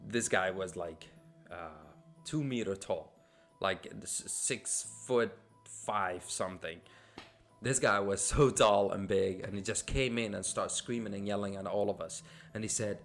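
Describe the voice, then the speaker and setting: With soft music playing behind him, the Syrian podcast host recounts a personal story in a relaxed way, full of fillers and false starts. He speaks a little slowly in a lowish, slightly bright voice.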